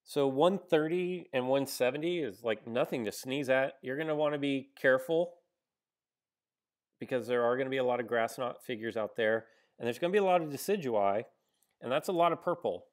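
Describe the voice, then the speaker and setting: Brisk and medium in pitch, a gaming streamer narrates his own gameplay casually on a live stream. He's thinking out loud, full of "um," "like" and false starts, pausing between moves to reply to viewers.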